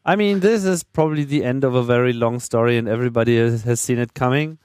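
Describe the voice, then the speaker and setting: A man with a German accent, a native German speaker, co-hosting a podcast in a wry, tired, measured way. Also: medium pitch, darkish tone, clean tone, no room sound, clean studio sound. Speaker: podcast co-host. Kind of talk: casual podcast chat.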